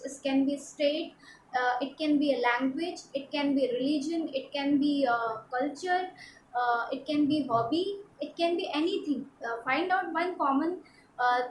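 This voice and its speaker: A woman from India, a personality development trainer, giving a halting instructional talk with many fillers and repeats. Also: high-pitched, reverberant, slight background noise, low-quality recording.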